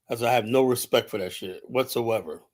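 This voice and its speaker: A man's voice: medium pitch, normal speed, darkish tone. Blunt, profane man ranting on stream. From United States. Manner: blunt, profane, rambling rant. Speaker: podcast host. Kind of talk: livestream monologue.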